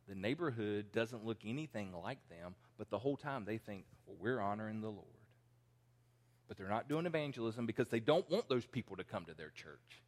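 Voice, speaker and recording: Man in his forties preaching in a reverberant hall. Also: mid-range voice. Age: 40s. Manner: conversational preaching with acted-out quotes. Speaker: pastor. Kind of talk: sermon. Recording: long reverb in a large hall.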